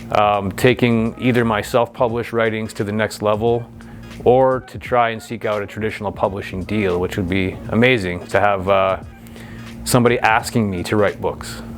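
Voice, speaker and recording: Low-voiced man in his forties, thoughtful. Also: fairly even intonation, moderate pace, faint music behind. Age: 40s. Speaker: author. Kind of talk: author talk and book reading.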